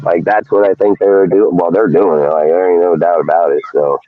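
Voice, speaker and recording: A man's voice: low voice, flat delivery, a little fast. A man hosting a casual sports talk show, ranting heatedly with a lot of swearing. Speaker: podcast host. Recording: dry tinny phone-like audio.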